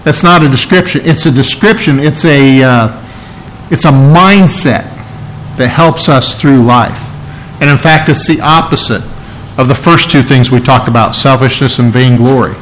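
A man's voice: medium pitch, moderate pace, fairly bright tone, a little hiss or hum, low-quality recording. A man preaching a sermon, teaching earnestly and stressing key phrases by repeating them. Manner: earnest, emphatic teaching with repetition. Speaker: pastor.

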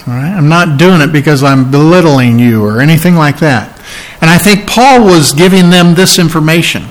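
A man preaching a sermon as pastor, talking in a conversational way with restarts and fillers, reading and explaining Bible verses and rising in pitch for emphasis. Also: normal speed, low-quality recording.

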